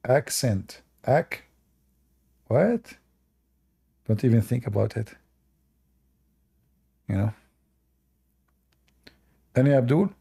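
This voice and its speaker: A man's voice: medium pitch, very animated, very slow, gravelly, long pauses, warm tone, breathy edge. A man with a non-native English accent hosting a livestream and giving sarcastic, mocking commentary. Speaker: livestream debate host.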